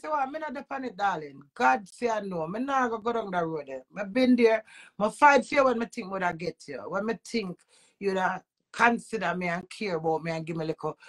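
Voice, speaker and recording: A woman with a Jamaican accent, a vlogger delivering an agitated, repetitive emotional rant full of swearing. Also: medium pitch.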